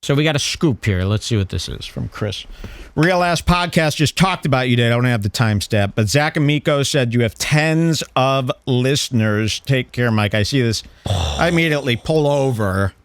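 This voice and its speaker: Animated man hosting a podcast, dry room. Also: medium pitch, moderate pace, smooth, no echo. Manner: animated, swears, mock-exasperated. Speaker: podcast host. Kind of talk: casual chat reacting to clips.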